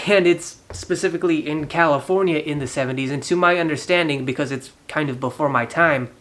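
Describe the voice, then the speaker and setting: A man recapping a film for his channel in a casual, animated way, with a slightly higher voice. He laughs often and slips into the characters' voices as he goes. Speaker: movie reviewer, channel host. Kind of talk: casual movie review retelling.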